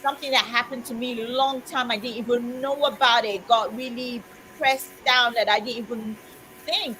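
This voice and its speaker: A woman's voice: a little high, steady tone, normal speed, pushed and bright, slight background noise, rough recording. A woman in casual chat, telling a heartfelt personal story in an earnest way with frequent "you know"s. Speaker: co-host of a community chat stream.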